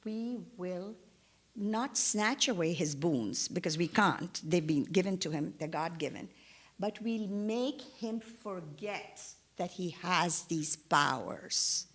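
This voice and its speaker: A woman voices a council of wise old sages planning calmly. They speak in a measured, deliberate way, low in pitch. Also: full character voice.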